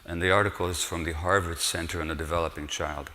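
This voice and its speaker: A man's voice: low voice, steady tone, fast talker, bright, forceful tone. A man, a physician, giving an earnest, explanatory public lecture and stressing points with rhetorical questions. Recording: long hall reverb.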